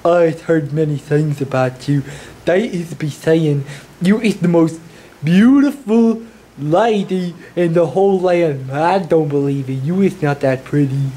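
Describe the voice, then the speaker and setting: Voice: medium pitch, unhurried, warm tone, close to an everyday voice. A performer voicing a blunt, rude male villager who talks with broken grammar, in a comedy skit.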